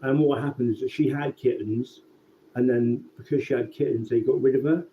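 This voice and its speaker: A man telling a rambling, sweary story in a casual, relaxed way. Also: medium pitch, fairly quick. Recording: tinny phone-like sound with faint background noise.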